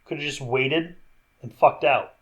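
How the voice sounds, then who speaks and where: A man's voice: medium pitch, measured pace. A man co-hosting a podcast, recapping a film in casual chat, swearing freely and acting out scenes. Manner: animated, swears, quotes scenes in put-on voices. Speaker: podcast co-host.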